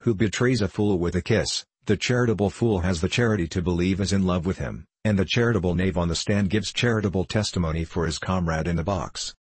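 A bitter one-legged cynic snaps out his scorn in a deep, husky voice, as a man reads him aloud. He jeers at everyone around him, and the reading sounds dry and close, with no room around it. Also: brisk, hardly any pauses, no echo. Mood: sneering. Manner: snappish, scornful, jeering.

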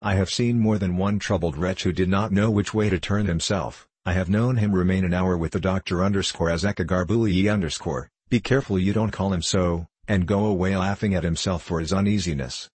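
A man's voice: sits low, steady tone, fairly quick, few pauses, a little mellow, slightly rough, no echo. A man voicing an older village mother who gives advice in a motherly, self-assured way. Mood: advising. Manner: motherly, advising.

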